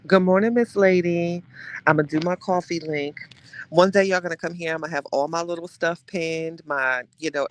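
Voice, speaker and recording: A man hosts a casual live stream, trading gossip with his viewers. His voice sits a little high, and he talks in an animated, theatrical way, often leaning into hushed asides. The sound is dry, with no room echo.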